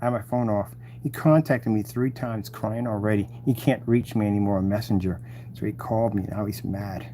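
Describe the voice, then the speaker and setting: Man ranting on a live stream, gloating, mocking, dark mellow tone. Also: on the low side, a little fast, a little hiss or hum. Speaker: channel host taunting rivals. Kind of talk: rambling live-stream rant.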